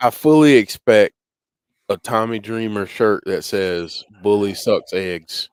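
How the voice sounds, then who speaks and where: A man's voice: on the low side, slow pace, clear, resonant tone, no echo. An American man co-hosting a wrestling watch-along, laid-back, with short replies and dry jokes. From United States. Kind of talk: casual live commentary chat.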